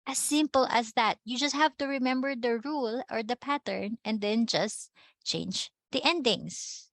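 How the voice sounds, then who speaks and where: Slow, patient Filipino woman teacher. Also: fairly high pitch, fairly bright tone, dry recording. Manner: patient, checks understanding with frequent tag questions. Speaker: language teacher. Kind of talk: classroom lecture.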